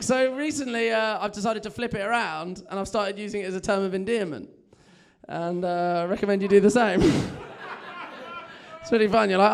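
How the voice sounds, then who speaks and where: A man's voice: high voice, fairly even intonation, a little fast, vocal fry. A young man doing a chatty, self-mocking stand-up set on a comedy club stage, telling stories with lots of energy.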